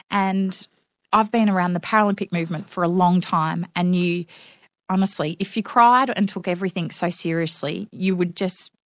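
A middle-aged woman speaks in a slightly low voice, recorded close and dry. She tells stories with frank, wry humour, slipping into other people's voices as she quotes them. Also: dry recording. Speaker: interview guest. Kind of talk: conversational interview.

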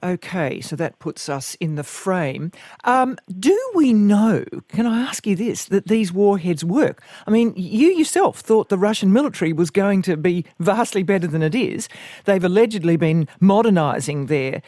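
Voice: medium pitch, lively intonation, moderate pace, mellow, no room sound. A radio host asking probing questions in a conversational, slightly hesitant way.

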